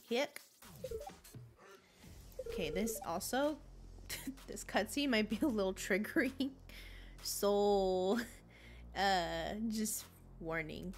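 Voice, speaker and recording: A young woman chatting casually and giggling as she streams a farming game. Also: mid-range voice. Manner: chatty, giggly, easily distracted. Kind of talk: casual gaming livestream chat.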